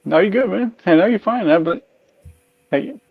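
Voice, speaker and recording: A man's voice: high-pitched, expressive, normal speed, creaky. An easygoing man chatting on a livestream, agreeing often and speaking loosely with many fillers. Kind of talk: casual chat. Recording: dull lo-fi sound.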